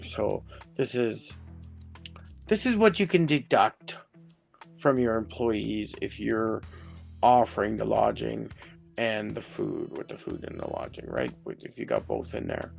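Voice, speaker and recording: Unhurried male HR host with a gravelly voice, rambling and self-correcting as he chats on a stream. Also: mid-range voice. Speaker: HR consultant host. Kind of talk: casual live-stream explainer.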